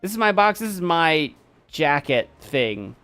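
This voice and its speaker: A man's voice: a little high, big pitch swings, a little slow, pushed and bright, clear, resonant tone, soft background music, exaggerated voice. A man voicing a grumpy, territorial male house cat who talks in curt, grumbling lines.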